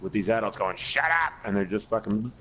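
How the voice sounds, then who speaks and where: On a casual gaming podcast, this co-host, a man in his forties, talks at a quick pace in a lowish voice with little pitch movement. His long stories ramble, restart often, and are packed with swearing. The recording is low quality, with a little hiss or hum.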